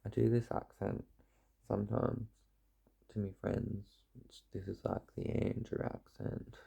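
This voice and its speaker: Gravelly, husky young man chatting. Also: lowish voice, little pitch movement, unhurried, dark tone. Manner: rambling, swears freely, laughs often; puts on a playful accent. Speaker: vlogger. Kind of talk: casual chat to camera.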